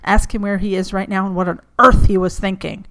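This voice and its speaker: A woman voicing a commanding female FBI agent who barks brisk orders. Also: mid-range voice, steady tone, fairly bright tone, slight background noise, lightly acted. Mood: firm.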